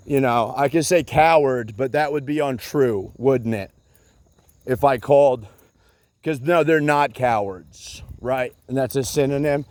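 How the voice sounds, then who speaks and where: A man's voice: mid-range voice, unhurried, a little mellow. A man in a rambling solo rant, agitated and profane, repeating himself with many fillers and bits of sarcasm.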